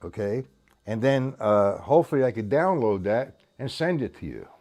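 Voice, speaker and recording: A man's voice: on the low side, very animated, normal speed, darkish tone. A man giving a casual drum lesson. He counts beats aloud and talks in loose, restarting sentences, dropping in "man" here and there. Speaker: drum teacher.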